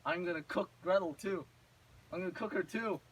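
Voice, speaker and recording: A man's voice: sits high, a little fast, fairly bright tone, distant mic, slight background noise, poor audio. A man voicing a hungry, scheming old witch in a blunt, impatient way, in a casual storybook retelling.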